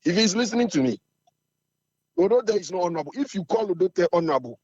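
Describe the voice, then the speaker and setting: A Ghanaian man with a hoarse voice, the chairman of a supporters' group, talking in an assertive, fiery way in an interview. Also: sits high, expressive, fast talker, darkish tone, no echo, muffled recording.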